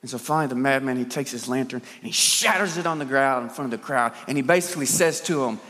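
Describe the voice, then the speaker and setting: A man preaching a sermon as a dramatic storyteller, firing rhetorical questions and swinging between loud and soft. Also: medium pitch, fast talker. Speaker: pastor. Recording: long hall reverb.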